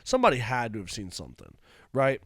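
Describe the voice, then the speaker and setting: A man in casual podcast talk, telling a story with lots of swearing and animated energy. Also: medium pitch, fast, slightly rough, no room sound, studio quality. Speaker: podcast co-host.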